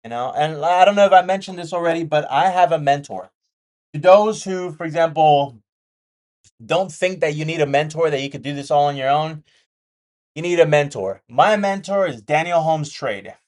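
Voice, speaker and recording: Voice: medium pitch, normal speed, a little mellow. A day trading vlogger talking candidly and casually, repeating key points and making jokey asides while sketching a chart.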